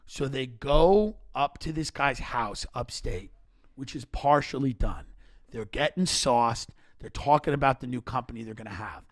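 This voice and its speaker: A man hosting a comedy podcast, telling stories in animated rants with frequent restarts. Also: mid-range voice, normal speed.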